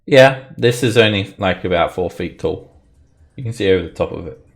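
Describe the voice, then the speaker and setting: A man narrating combat as game master of a tabletop game, relaxed and descriptive. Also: low voice, moderate pace.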